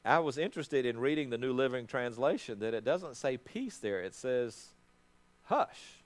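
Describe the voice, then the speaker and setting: A man's voice: medium pitch, expressive, normal speed. A middle-aged man, a pastor, preaching a sermon in a conversational way, often restarting his words.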